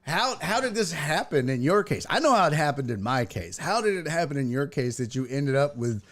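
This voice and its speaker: A male streaming host with a lively, swooping voice that sits a little high for a man. He talks casually, laughs a lot and curses freely, like a comic riffing with a guest. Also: a little fast. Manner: playful, laughs often, swears freely. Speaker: stand-up comedian. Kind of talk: casual chat.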